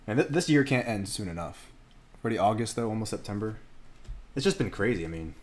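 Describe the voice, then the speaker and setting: A man's voice: lowish voice, quick pace. A man hosting a casual card break stream, joking around and chatting while opening packs. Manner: joking, animated, laughs often. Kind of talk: casual livestream commentary.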